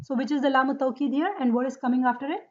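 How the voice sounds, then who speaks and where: High-voiced woman teaching grammar. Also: steady tone, a little mellow, dull audio. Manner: drills forms slowly, checks with "right?" and "okay?". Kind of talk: lesson on Quranic Arabic grammar.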